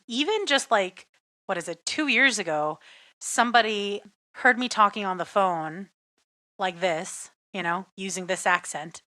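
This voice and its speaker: A woman from the United States telling stories in a casual chat over a video call, animated, acting out quotes and laughing often. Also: medium pitch, measured pace.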